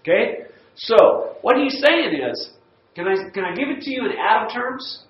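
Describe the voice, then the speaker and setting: A man's voice: very high-pitched, expressive, normal speed. A man teaching a church Bible study lesson, folksy and emphatic, repeating words for stress. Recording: echoey room, dull lo-fi sound.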